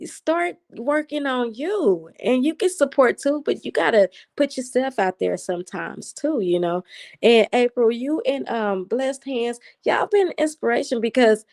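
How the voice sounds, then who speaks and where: Animated, excited-sounding woman livestreaming. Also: on the high side, moderate pace, gravelly. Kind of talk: casual live chat, reading viewer comments.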